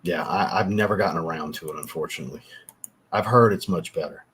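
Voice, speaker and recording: Reading super chats on a relaxed livestream, this fragrance reviewer talks fast, thanking and chatting with his viewers and swearing occasionally. His voice is low, husky, and slightly bright.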